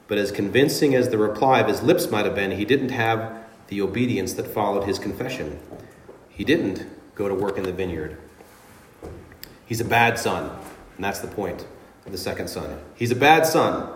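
In a church sanctuary, a pastor with a fairly low voice preaches earnestly and emphatically, reading scripture dramatically. The sound is roomy, with slight background noise.

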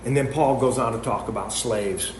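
A man preaching a sermon, earnest and emphatic, posing rhetorical questions and drawing sharp contrasts. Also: mid-range voice, moderate pace. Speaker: pastor. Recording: echoey room with faint noise.

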